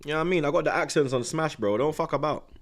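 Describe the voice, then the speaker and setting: A man hosting a live football watchalong, talking in excitable, slang-heavy banter. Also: a little high, rapid-fire. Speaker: host. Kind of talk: live match watchalong commentary.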